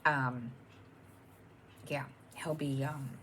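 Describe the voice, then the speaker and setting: Low-voiced woman rambling at home. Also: fairly even intonation, drawn-out words, fairly bright tone, a little hiss or hum. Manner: rambling, many ums and restarts. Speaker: cross-stitch channel host. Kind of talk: casual chat to camera.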